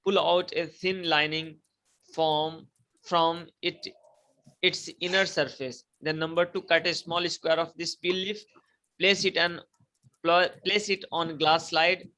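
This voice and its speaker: A male teacher with a fairly high, sharp-toned voice gives a classroom lecture, captured on a rough recording. He's repetitive and emphatic, going over key points again and prompting students to repeat after him.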